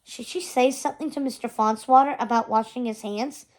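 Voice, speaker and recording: High-pitched lady reading a kids chapter book out loud, gentle and expressive. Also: brisk. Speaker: reader. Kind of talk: storybook read-aloud.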